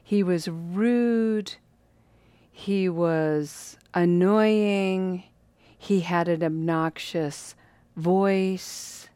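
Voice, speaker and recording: Slow, low-voiced woman telling a story. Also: clear, resonant tone, no room sound. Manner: lively, drawn-out and playful. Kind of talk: casual storytelling.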